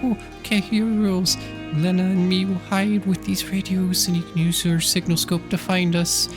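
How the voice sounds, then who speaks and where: Man putting on a squeaky eager little kid. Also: moderate pace, music in the background, close to an everyday voice. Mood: excited. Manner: pleading, bouncy, excited. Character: eager little kid begging to play hide and seek.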